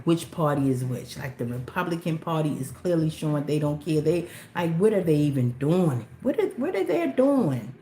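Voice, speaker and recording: A woman's voice: low-pitched, a little mellow. A woman with a Baltimore accent talking earnestly on her own livestream, rambling and repeating herself for emphasis. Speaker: livestream host. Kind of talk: casual livestream monologue. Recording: roomy echo with faint background noise.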